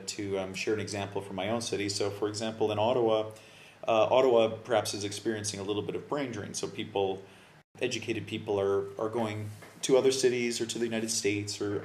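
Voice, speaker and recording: Low-voiced man teaching in an echoey room. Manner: relaxed, thinking aloud with fillers and restarts. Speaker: English test coach. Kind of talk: video lesson explaining exam phrases. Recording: roomy echo with faint background noise.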